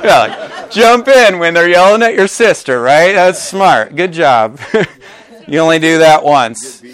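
A man preaching a sermon to his congregation. He is animated and joking, and acts out quotes with big jumps in pitch. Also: a little slow, clean tone. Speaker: pastor. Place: church gathering with a live congregation.

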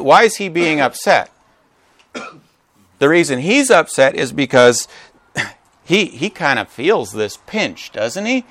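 A man preaching a sermon to his congregation. He is animated and joking, and acts out quotes with big jumps in pitch. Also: unhurried, long pauses, no room sound. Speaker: pastor. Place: church gathering with a live congregation.

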